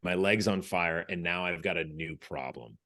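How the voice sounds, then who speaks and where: A former Navy SEAL from the United States tells a story as a podcast guest, his low-pitched voice pushed and bright at a moderate pace. He talks casually, acts out what people said and restarts his phrases.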